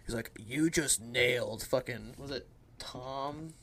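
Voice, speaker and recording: A man co-hosting a casual podcast, wry and relaxed, with laughing asides. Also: mid-range voice, measured pace, gravelly, slight background noise. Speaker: podcast co-host.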